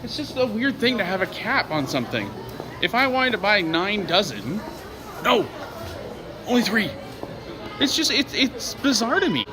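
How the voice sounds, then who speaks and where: A young man vlogging casually while out and about, joking and rambling in a chatty way. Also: high voice. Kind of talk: casual vlog chat.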